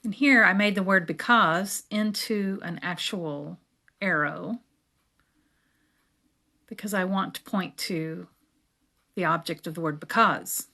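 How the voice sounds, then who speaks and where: A woman casually explaining her journaling steps as she works, now and then slowly reading verses aloud. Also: on the low side, gravelly. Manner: relaxed, chatty, reads verses aloud slowly. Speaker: creator. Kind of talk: casual craft tutorial narration.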